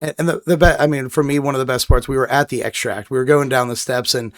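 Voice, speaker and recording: A man's voice: medium pitch, fairly even intonation, fast, no room sound, clean studio sound. A man co-hosting a gaming podcast, telling rambling stories with lots of restarts in casual chat. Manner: rambling storyteller, many restarts. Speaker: podcast co-host.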